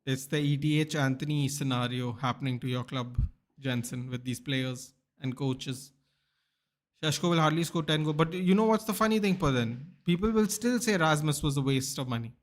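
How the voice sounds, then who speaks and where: A young man with a fairly high voice chats casually at a moderate pace on a live football watchalong stream. He banters and reads viewer comments, answering people by name.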